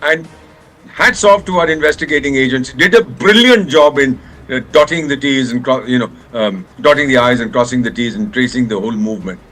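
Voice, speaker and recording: A man's voice: medium pitch, a little fast, fairly bright tone, faint music behind, low-quality recording. An older man with an Indian accent, a former ambassador speaking as a guest in a live news interview, angry and impassioned, slipping Hindi phrases into his English.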